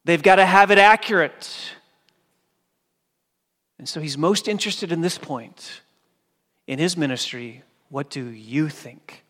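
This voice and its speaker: A male pastor preaching a sermon with emphasis, dropping low and soft when he quotes scripture. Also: a little slow, long pauses. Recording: long hall reverb.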